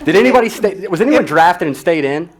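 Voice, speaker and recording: A man's voice: sits high, expressive, brisk, crowd noise. A man hosting a live veterans' storytelling event, casually moderating and teasing the guests with follow-up questions. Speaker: event host. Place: restaurant event room.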